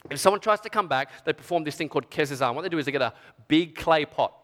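A man preaching a sermon, telling a story with strong feeling, dropping to a hush and rising to near shouts. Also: a little high, lively intonation, fast talker, in a large hall. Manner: emotional storytelling, dramatic swings from hushed to shouting.

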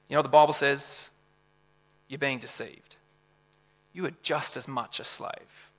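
A man preaching a sermon in a lively, conversational way, full of rhetorical questions. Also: a little high, measured pace, long pauses, in a large hall.

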